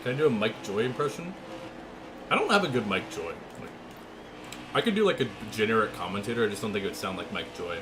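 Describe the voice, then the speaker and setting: Young guy streaming from his room, joking w chat, pitch all over the place, noisy background hum. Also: sing-song. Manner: chatty, joking with chat, quick asides. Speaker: gaming streamer. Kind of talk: live stream chat and play-by-play. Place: home room. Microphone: desk mic with webcam.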